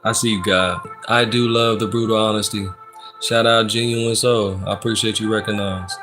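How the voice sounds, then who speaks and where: A man doing a casual live-stream tarot reading, laid-back and slangy, reading out the chat and giving shout-outs. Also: on the low side, fairly even intonation, moderate pace. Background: background music.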